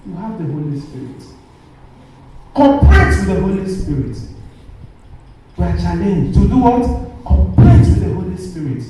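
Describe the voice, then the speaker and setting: A man's voice: high-pitched, big pitch swings, normal speed, long pauses, heavy background noise. A man, a Catholic priest, preaching a sermon and quizzing his congregation with call-and-response questions. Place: church. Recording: echoey church from far off.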